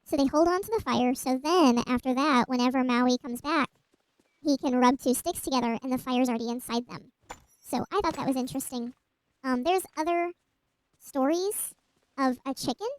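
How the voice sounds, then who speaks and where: A woman's voice: high voice, clear, resonant tone, no echo, low-quality recording. A woman streamer casually retelling a myth while gaming, rambling with asides and restarts.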